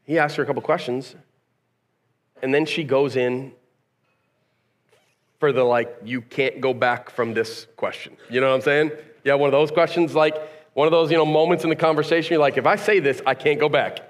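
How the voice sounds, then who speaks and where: A man's voice: mid-range voice, steady tone, moderate pace, long pauses. A male pastor preaching a sermon in a casual, conversational way, firing rhetorical questions at the congregation and acting out bits of dialogue as he tells stories. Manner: conversational, acts out quoted dialogue; casual slang, storytelling.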